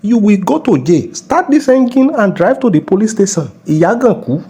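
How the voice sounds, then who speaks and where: A man's voice: high-pitched, sing-song, normal speed, dark tone, breathy edge, full character voice. A man with a Nigerian accent playing a bossy, mocking middle-aged police officer in a comedy skit. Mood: scolding. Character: bullying middle-aged male traffic cop.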